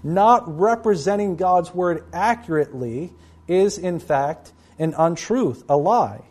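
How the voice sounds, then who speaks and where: Man, preacher, sermon, emphatic, stern scripture reading, slightly high voice. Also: expressive, slow, darkish tone.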